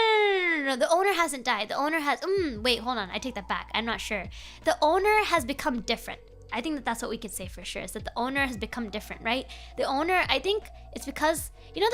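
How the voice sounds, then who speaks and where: A woman streamer reading horror stories aloud and chatting with her viewers in an excitable, talkative way. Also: a little high. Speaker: streamer host. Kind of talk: live read-along of horror stories with chat reactions.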